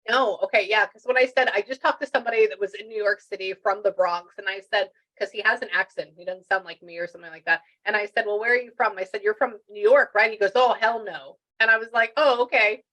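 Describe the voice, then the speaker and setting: A woman's voice: mid-range voice, steady tone, fast talker, hardly any pauses, fairly bright tone, low-quality recording. A woman working as a spiritual medium, relaying messages in a chatty way and thinking aloud with lots of restarts. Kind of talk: relaying messages during a reading.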